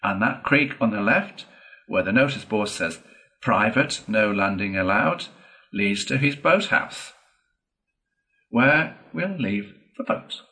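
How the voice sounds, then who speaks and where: Cheerful male water rat, brisk and chatty, read by a man with a lowish voice. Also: lively intonation, bright, forceful tone, exaggerated voice, low-quality recording.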